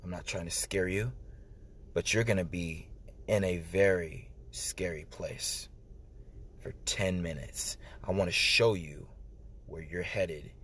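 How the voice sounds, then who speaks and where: A man putting on a solemn, calm voice for Jesus while retelling a vision, speaking slow, hushed and grave. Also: deep voice, breathy edge, voice pushed down, heavily acted.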